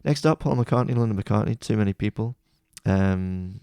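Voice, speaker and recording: A man's voice: lowish voice, normal speed, dark tone, clean tone, no room sound, clean studio sound. A man chatting casually about music, rambling and correcting himself as he goes. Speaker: music playlist host.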